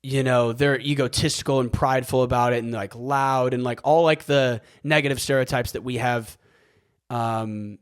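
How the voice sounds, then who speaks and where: A man's voice: mid-range voice, fairly even intonation, normal speed, smooth. A young American man hosting a podcast alone, talking in a loose, rambling way, full of fillers and casual swearing. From United States. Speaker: podcast host. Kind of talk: casual solo podcast monologue.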